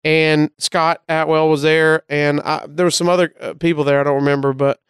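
A comedian from Alabama with a Southern accent, telling a story casually and acting out the voices of the people in it. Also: male voice, fairly high pitch, level tone, normal speed, clean tone, no room sound, studio quality. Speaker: comedian guest.

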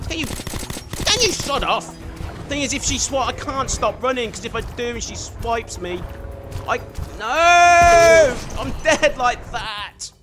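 A man giving chatty, excitable let's play commentary, swearing mildly and talking to the game character. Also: sits high. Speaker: gamer.

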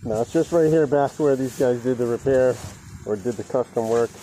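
A man's voice: medium pitch, moderate pace, mellow, low-quality recording. A man working on a boat repair, grumbling and cursing in rambling asides to the viewers while holding the camera in one hand. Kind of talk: casual work vlog. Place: outdoors at a boat under repair. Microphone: handheld camera held in one hand. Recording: clear outdoor background noise.

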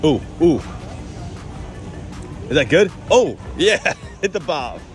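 A man's voice: on the high side, very animated, slow pace. A man vlogging a shopping trip with his toddler, talking in a playful sing-song baby-talk way and laughing often, inside a big warehouse store. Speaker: vlogger dad. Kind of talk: casual family vlog chat. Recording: background music under the voice.

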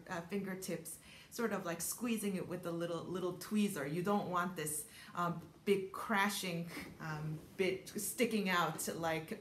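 A woman's voice: lowish voice, a little hiss or hum. A woman concert pianist teaching a piano lesson, thoughtful and full of small ums, sometimes singing rhythms. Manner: thoughtful, many ums, sings rhythms aloud. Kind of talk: piano masterclass explanation. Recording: roomy echo with piano playing.

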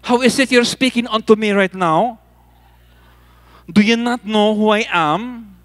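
A man's voice: sits high, measured pace, a bit bright, voice pushed up. A man voicing the Samaritan woman at the well as a sassy woman with a strong put-on Filipino accent. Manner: sassy, challenging, exclaims "ay, sus".

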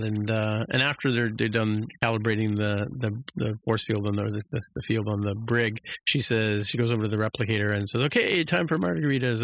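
A man's voice: lowish voice, gravelly, a bit bright, no room sound. Rambling man recapping an episode. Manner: rambling recap with many restarts, acts out lines in a raised voice. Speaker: podcast co-host recapping an episode. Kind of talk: casual chat.

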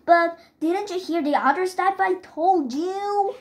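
A woman's voice: very high-pitched, takes it slowly, voice pushed up. A woman reading the lines of an earnest, polite young boy in a storybook. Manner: polite, pleading, says sir.

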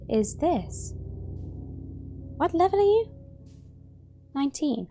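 A young woman commenting on her own game play, excitable and gasping, rambling as she plays. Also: high voice, takes it slowly, pauses often, soft background music. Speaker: gaming YouTuber.

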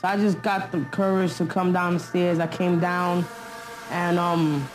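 A woman's voice: fairly low pitch, flat delivery, measured pace, faint music behind. Young woman, slangy, rambling documentary interviewee. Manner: street slang, loose storytelling.

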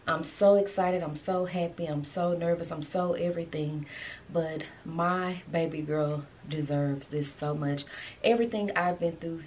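A woman's voice: lowish voice, a little mellow, slight background noise. A woman, chatting emotionally to her viewers in a casual vlog. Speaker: vlogger, mother.

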